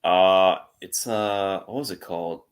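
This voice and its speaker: Deep-voiced young man rambling on a podcast. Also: unhurried, smooth. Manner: rambling, laughs often, swears casually. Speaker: podcast co-host. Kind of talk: casual chat.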